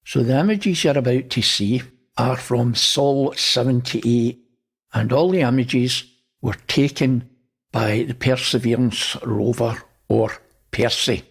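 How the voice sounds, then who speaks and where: A man's voice: medium pitch, takes it slowly, vocal fry, husky. A man hosting, casually talking through images and pointing things out. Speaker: host. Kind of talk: casual narration over images.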